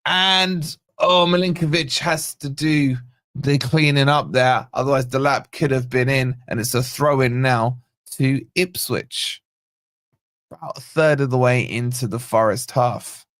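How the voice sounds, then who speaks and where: A man hosting a live football watch-along, calling the play and greeting viewers by name in a chatty, excitable way. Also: mid-range voice, a little slow, no room sound, clean studio sound. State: yawning, tired. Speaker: fan channel host.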